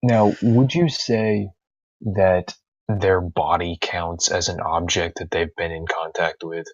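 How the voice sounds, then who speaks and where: A man playing a tabletop role-play game, slow and matter-of-fact. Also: sits low, steady tone, no room sound, muffled recording. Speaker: player.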